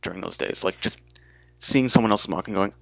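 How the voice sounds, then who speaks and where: Deep gravelly man, halting guest talk. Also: fairly bright tone, dry recording, low-quality recording. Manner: halting, hesitant, many restarts. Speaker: podcast guest. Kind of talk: casual podcast chat.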